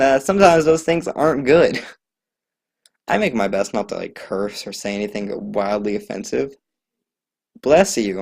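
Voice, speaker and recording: This podcast host is a young man running his own casual solo show, joking at his own expense as he rambles in a loose, chatty style full of fillers and trailing thoughts. He has a lowish, gravelly voice with a darkish tone.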